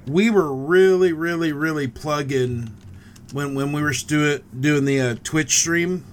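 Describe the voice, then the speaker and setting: A man in casual podcast chat, halting and repeating words as he talks. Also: fairly high pitch, a little hiss or hum.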